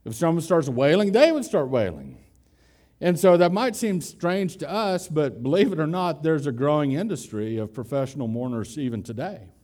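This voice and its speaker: A man preaching a conversational expository sermon, putting questions to his listeners and slowing down to stress key words. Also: fairly high pitch, sing-song, darkish tone. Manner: conversational, asks the congregation questions. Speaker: pastor.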